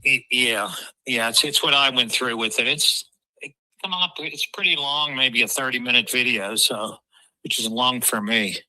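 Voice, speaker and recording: Male caller, very bright forceful voice, halting and easygoing, dry sound. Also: mid-range voice, dry recording, low-quality recording. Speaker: caller and video creator. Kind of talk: casual phone chat.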